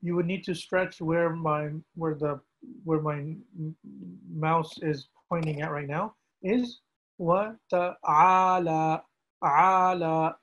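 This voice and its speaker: A man, an imam, teaching how to pronounce a prayer, repeating each word slowly and drawing it out for practice. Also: on the high side, dull audio. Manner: slow, deliberate, repeats words drawn out for practice. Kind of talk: pronunciation lesson with screen pointer.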